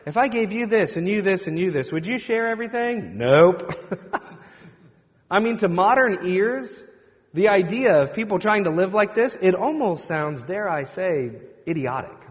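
A man with a high, expressive voice and a moderate pace preaches a casual, humorous sermon in a church sanctuary, playing out what the crowd might say. Dull audio with a long hall reverb.

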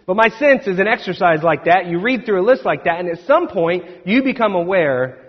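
A man's voice: sits high, animated, moderate pace, few pauses. A man preaching a sermon as pastor, in a conversational, self-deprecating storytelling manner. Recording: echoey hall, dull sound.

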